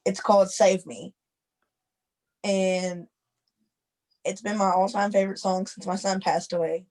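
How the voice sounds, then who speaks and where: A woman's voice: medium pitch, little pitch movement, a little slow, darkish tone, poor audio. A woman in a class sharing her experience casually, with a conversational, filler-heavy way of talking. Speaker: class participant.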